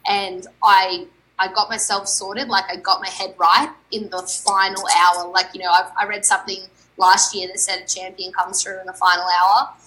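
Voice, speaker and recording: A woman's voice: mid-range voice, flat delivery, normal speed, sharp tone, rough recording. A young adult woman, an athlete guest on a podcast, telling a story candidly and animatedly and quoting her own thoughts.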